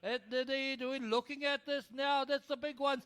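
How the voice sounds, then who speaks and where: A man calling a canoe race live as announcer, excitable and urging the crowd to cheer. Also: very high-pitched, normal speed. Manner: excitable, urges the crowd, tongue-tied at times. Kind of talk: live sports commentary. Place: outdoor regatta venue.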